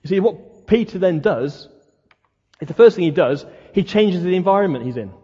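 A man's voice: high-pitched, lively intonation, moderate pace, mellow, slightly rough. A man preaching a sermon, talking conversationally and asking the listeners many questions. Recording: dull lo-fi sound, long hall reverb.

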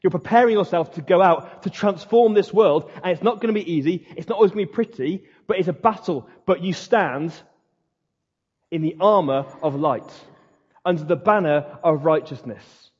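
A man gives a fiery sermon as a pastor, his high voice a little husky and somewhat mellow, pausing for dramatic effect. Long reverb from a spacious hall rings through the dull, lo-fi audio.

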